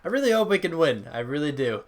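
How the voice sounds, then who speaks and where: In a fairly high, sing-song voice and at a quick pace, a tired young gaming YouTuber rambles casually about a football video game. He reads the stats aloud, jokes at his own expense, and his voice cracks from time to time.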